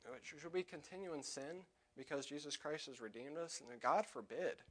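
A young man preaching a sermon in church, loud when quoting scripture and quieter and halting in his personal asides. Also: on the high side. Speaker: lay preacher.

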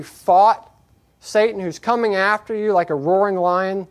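A man preaching a sermon, moving from quiet reflection to raised, emphatic scripture reading. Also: high voice, fairly even intonation, unhurried. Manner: earnest, repetitive exhortation.

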